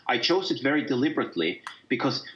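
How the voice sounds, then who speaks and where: A man, a guest in a casual discussion, talking haltingly with many fillers and restarts. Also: mid-range voice, big pitch swings, a bit bright, muffled recording.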